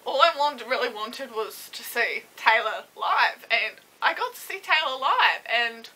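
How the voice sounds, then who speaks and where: A young woman telling a story to camera in a casual vlog, emotional and halting as she holds back tears. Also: fairly high pitch, lively intonation, pushed and bright, low-quality recording. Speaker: vlogger. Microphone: camera mic, seated.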